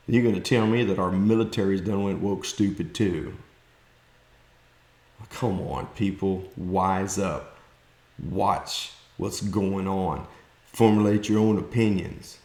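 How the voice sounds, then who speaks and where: Fired-up South Texas man, low-pitched, plain-spoken commentator, recorded in a roomy space. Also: a little mellow. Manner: blunt, folksy, fired-up ranting with mocking quoted voices. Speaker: political commentator vlogger. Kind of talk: opinionated monologue.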